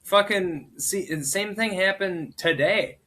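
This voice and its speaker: A man's voice: sits high, takes it slowly, bright, forceful tone. A man co-hosting a casual podcast, blunt and joking, swearing freely. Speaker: podcast co-host.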